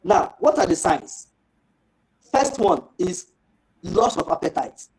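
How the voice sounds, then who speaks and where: A man giving a fish farming training talk, lively and rhetorical, acting out little dialogues. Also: high-pitched, slow, low-quality recording.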